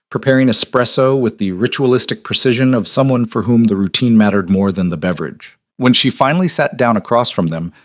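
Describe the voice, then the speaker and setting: A man narrating a scripted story in an even, measured way. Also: lowish voice, no echo, studio quality.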